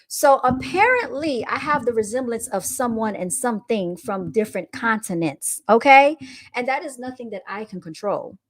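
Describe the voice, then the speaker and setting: A young woman hosting a casual livestream, reading viewer comments aloud and answering them with amused, laughing retorts. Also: mid-range voice. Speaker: livestream host reading chat.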